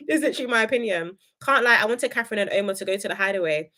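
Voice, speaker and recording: Young adult woman, casual live-stream reviewer, animated and opinionated. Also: racing, hardly any pauses. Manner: chatty and opinionated, reads viewer comments aloud; animated, jumps between high excited greetings and low asides.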